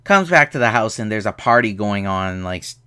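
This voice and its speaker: A young man casually reviewing a movie, animated and exasperated, often jumping into high mocking voices. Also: fairly quick, smooth.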